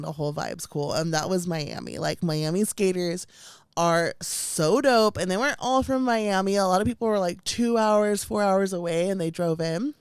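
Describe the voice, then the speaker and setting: A young woman co-hosting a casual podcast, telling an animated story full of "like"s and laughter. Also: on the low side, clean tone, no room sound, studio quality. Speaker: podcast co-host. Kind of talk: casual chat.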